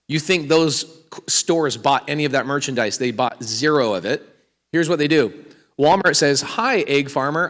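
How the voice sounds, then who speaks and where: Man lecturing a seminar crowd in a hall. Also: medium pitch. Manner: energetic, quizzing the crowd with questions. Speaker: real estate speaker. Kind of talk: live seminar talk to an audience. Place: large hall with an audience.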